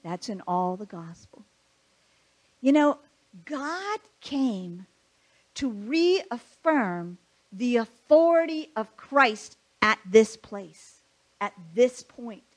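A woman's voice: high-pitched, very animated, very slow. A woman preaching a conversational sermon, asking her listeners rhetorical questions.

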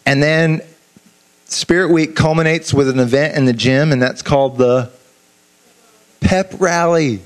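A man giving an informal sermon, talking in an animated, conversational way with asides to the listeners and frequent restarts. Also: mid-range voice, normal speed, clear, resonant tone. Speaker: preacher. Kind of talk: informal sermon to a youth audience.

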